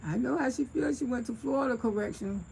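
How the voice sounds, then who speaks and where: A gravelly-voiced woman, chatting on a livestream from home. She tells stories and answers her viewers as she goes, laughing often, with faint noise behind her on a phone mic. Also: a little high, fast talker, a little mellow, low-quality recording. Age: 60s. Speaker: livestream host. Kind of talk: casual livestream storytelling.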